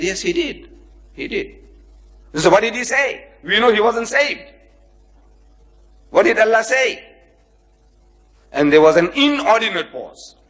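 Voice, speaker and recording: A man giving a public lecture to a live audience, telling anecdotes and acting out the people in them, joking with and chiding his listeners. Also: high voice. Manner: animated storyteller who acts out the people in his anecdotes. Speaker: lecturer on comparative religion.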